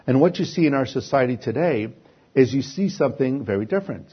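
A man's voice: mid-range voice, animated, fairly quick, husky, highs cut off. A man preaching a sermon who poses rhetorical questions and then answers them himself.

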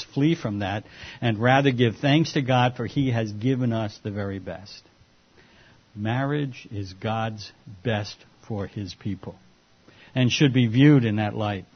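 A man's voice: mid-range voice, husky, muffled recording. A man preaching a sermon to his congregation and closing in prayer, earnest and pleading, his voice rising and dropping. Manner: earnest, pleading, wide swings in loudness. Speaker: pastor. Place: church.

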